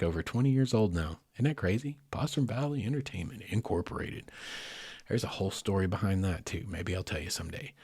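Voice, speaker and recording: A middle-aged man spins a spoken story for his podcast audience, lively and chatty, turning to his listeners every so often. His voice sits low and a little husky, recorded close and dry. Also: no echo. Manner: animated, talks to listeners directly. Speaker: podcast host.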